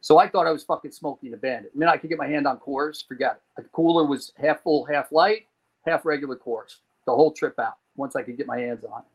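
A man's voice: medium pitch, fast, husky, poor audio. A man from New Jersey, a podcast guest telling a long personal story, acting out the people in it and swearing casually. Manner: animated storyteller who acts out quoted people and swears casually.

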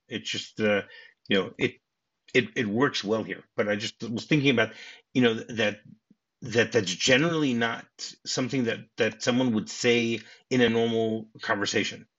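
A man's voice: mid-range voice, normal speed, a bit bright, slightly rough. A man hosting a podcast, discussing a film in a casual way, chuckling often and restarting his sentences. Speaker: podcast host. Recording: dull lo-fi audio.

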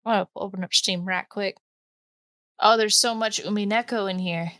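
A woman hosting a podcast, reacting quickly and joking casually with her guest. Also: mid-range voice, steady tone, sharp tone, no room sound, studio quality. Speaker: podcast host. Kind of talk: casual chat.

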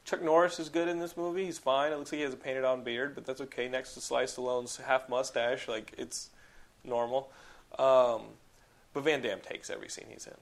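A young man hosts a podcast in loose, casual chat. He talks excitably and keeps dropping "like" into his sentences. His speech is peppered with swearing, and his voice sits at an ordinary middle pitch. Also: moderate pace. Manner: excitable, profane, heavy use of "like". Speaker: podcast host.

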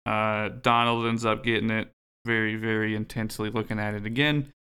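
A man's voice: fairly low pitch, flat delivery, brisk, sharp tone, clean tone. A young man co-hosting a podcast, recapping a game in a dry, laid-back way with casual swearing. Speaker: podcast co-host.

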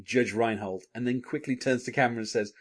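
Brief: a man of middling pitch, hosting a casual podcast; enthusiastic, laughs often. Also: fairly even intonation, a little fast. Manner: enthusiastic, chuckles often, many fillers. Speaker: podcast host. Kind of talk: casual TV episode discussion.

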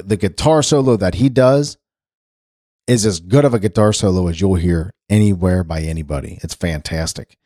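A man's voice: fairly low pitch, warm tone, husky, no echo, studio quality. A man hosting a casual radio segment, reading weather and birthdays in a chatty, rambling way. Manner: chatty, rambling, self-correcting. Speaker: radio host.

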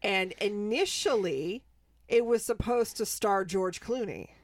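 A woman's voice: mid-range voice, animated, unhurried, dry recording. A woman co-hosting a podcast, chatting in an easygoing, conversational way. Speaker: podcast co-host. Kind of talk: casual chat.

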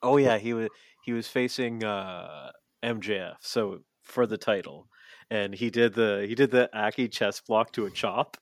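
This man co-hosts a podcast, chatting casually in a lowish voice, a little slowly, swearing freely and rambling with many fillers. There's no room sound.

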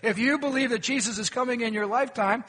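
Male pastor, very high and bright voice, folksy and questioning delivery, reverberant sanctuary sound. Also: quick pace. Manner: questioning the congregation, folksy jokes. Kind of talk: sermon with humorous stories. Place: church sanctuary.

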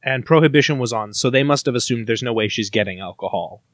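A man's voice: mid-range voice, fast, no echo, studio quality. A man co-hosting a comedy podcast with his sister, joking around and slipping into theatrical mock-drama. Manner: jokey, theatrical, drops into mock-dramatic voices. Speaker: podcast co-host. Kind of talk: casual comedic chat.

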